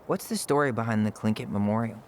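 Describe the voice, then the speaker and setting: A gentle, curious young man in a story game , voiced by an actor. His voice sits a bit low, and he speaks softly and considerately. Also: quick pace, natural voice. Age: young adult. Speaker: game character. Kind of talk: video game voice acting.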